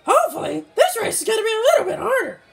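A man voicing a hyper, boastful little male mushroom kart racer with a squeaky voice and a slight southern twang, excitable and yelping at every mishap during game commentary. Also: rapid-fire, vocal fry, soft background music, heavily acted. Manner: excitable, yelps and complains at mishaps. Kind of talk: let's-play game commentary in character.

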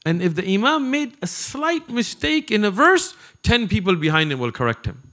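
Man, religious lecture, slightly high voice, very expressive pitch, conversational asides to the crowd. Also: moderate pace. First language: not Arabic. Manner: animated and conversational, with asides to the audience. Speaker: Islamic preacher. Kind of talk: lecture to a live audience.

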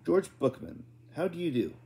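A man's voice: on the high side, very animated, moderate pace, warm tone, voice pushed up. A man voicing an awkward, cheerful father in a storybook reading, who repeats his introductions. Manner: repetitive, self-introducing.

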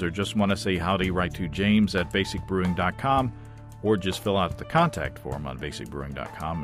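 A man hosting a homebrewing podcast, closing the episode with thanks and sponsor reads in an easygoing, folksy way. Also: low-pitched. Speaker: podcast host.

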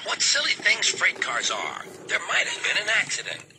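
A man's voice: high voice, huge pitch swings, moderate pace, pushed and bright, slight background noise, pitched above the performer's own voice, full character voice, rough recording. A man voicing a proud, boastful young red engine in a storybook reading, first pleading, then stubbornly determined. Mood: huffy.

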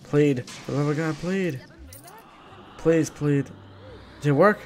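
A man giving excited gameplay commentary, exasperated and shouting at the characters on screen. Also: on the high side, slow, a little hiss or hum. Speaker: gaming channel host.

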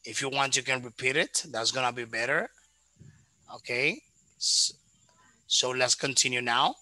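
A man's voice: mid-range voice, measured pace, pushed and bright, no room sound, poor audio. A man teaching English in an online lesson, repeating vocabulary back and patiently explaining pronunciation.

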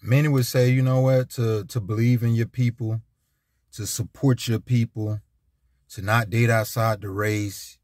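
A man's voice: mid-range voice, flat delivery, unhurried, darkish tone, dry recording, clean studio sound. A man giving an emphatic, repetitive, preachy monologue as a vlogger. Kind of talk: casual ranting monologue.

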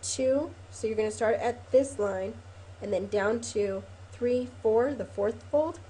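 Sniffly woman with a mellow voice. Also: on the high side, measured pace, slight background noise. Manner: chatty, rambling, self-correcting with many ums. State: sniffly from a lingering cold. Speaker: craft video host. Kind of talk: casual step-by-step craft tutorial.

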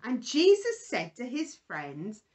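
High, lilting woman telling a children's story. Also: huge pitch swings, takes it slowly. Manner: gentle, sing-song, asks the puppet questions. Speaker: children's church presenter. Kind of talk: children's Bible storytelling with a puppet.

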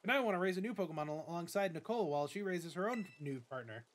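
A man's voice: sits high, lively intonation, very fast. A man reading as an eager, battle-mad schoolgirl rival. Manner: bubbly, pushy enthusiasm. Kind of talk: reading game dialogue aloud.

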